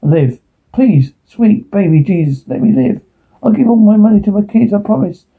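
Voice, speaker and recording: A man's voice: fairly high pitch, animated, slow pace, gravelly, husky, full character voice. An actor playing a panicked young man who is hiding and pleading frantically for his life. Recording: tinny lo-fi film audio.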